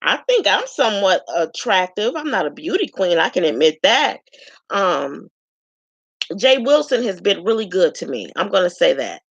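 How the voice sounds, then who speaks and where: A woman from Chicago introduces herself to viewers in a frank, chatty way, filling her pauses with ums. Her voice has a gravelly edge. The recording is dry and a little dull, with no room sound. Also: mid-range voice, big pitch swings, no echo. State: tearful at times. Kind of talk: casual self-introduction to camera.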